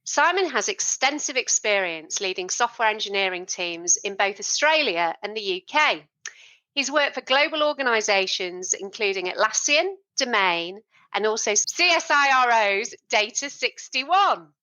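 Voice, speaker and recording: A woman hosting an interview series, enthusiastic and quick to chime in. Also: mid-range voice, animated, pushed and bright, poor audio. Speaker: interview host. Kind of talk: podcast interview.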